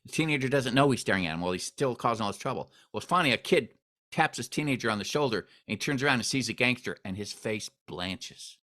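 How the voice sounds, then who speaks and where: A man hosting an interview, telling a story with expressive swings in pitch and volume. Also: quick pace. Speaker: host.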